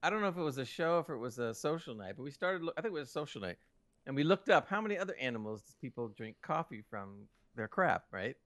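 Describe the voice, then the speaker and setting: A man co-hosting a podcast, telling animated stories in casual chat and laughing as he goes. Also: medium pitch, quick pace, no echo. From United States. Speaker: podcast co-host.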